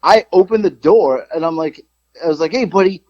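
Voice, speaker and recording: Profane, animated man telling stories. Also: normal speed, no echo. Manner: animated storyteller, jumps high when quoting himself, swears freely. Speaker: podcast co-host. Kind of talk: casual storytelling chat. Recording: slightly dull lo-fi sound.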